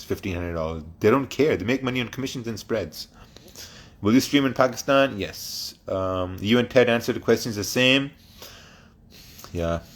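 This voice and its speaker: A man's voice: medium pitch, husky. A man hosting a trading livestream, reading chat questions aloud and answering them bluntly, with plenty of swearing and laughter.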